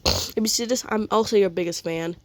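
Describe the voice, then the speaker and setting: A woman's voice: mid-range voice, fairly quick, slight background noise. A woman who has a cold, sniffling as she chats casually and apologetically while showing off her fan art. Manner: apologetic, rambling, giggly. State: sick and sniffly. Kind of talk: casual showcase chat.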